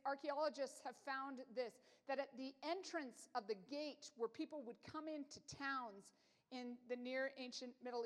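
A woman preaching a sermon, earnest and emphatic, talking conversationally with fillers and restarts. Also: high-pitched. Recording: long hall reverb.

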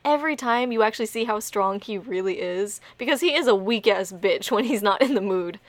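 A woman's voice: mid-range voice, lively intonation, brisk, no room sound. A young woman co-hosting a podcast, chatting casually, swearing freely and laughing often. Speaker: podcast co-host. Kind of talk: casual chat.

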